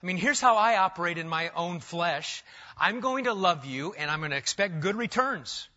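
A middle-aged man preaching a sermon, emphatic, rising loud and then dropping to a hush. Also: sits high, lively intonation, moderate pace. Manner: emphatic, swings between loud and hushed. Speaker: pastor. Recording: dull lo-fi sound.

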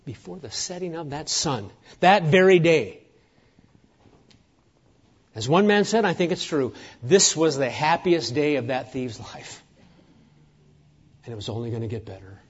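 A high-pitched man delivers a sermon with rising emphasis, then drops low for hushed moments. The recording is slightly muffled, with a dull edge to the sound. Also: lively intonation, a little slow, pauses often, slightly rough. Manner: emphatic preaching, swinging from loud declarations to hushed near-whispers. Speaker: pastor.

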